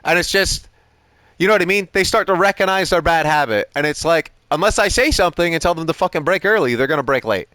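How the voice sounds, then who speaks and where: A man's voice: on the high side, fast, sharp tone, no echo. A man coaching a sim racing driver on a live stream, giving short driving instructions and chatting casually, swearing often. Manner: casual, swears often, repeats "you know what I mean".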